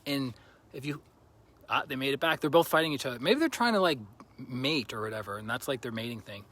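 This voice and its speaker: A man's voice: mid-range voice, lively intonation, brisk, fairly bright tone. A man livestreaming outdoors by a lake on a handheld phone, chatting and joking with viewers, a little out of breath. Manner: chatty and jokey, greeting viewers by name. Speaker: vlogger livestreaming a road trip. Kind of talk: casual livestream chat.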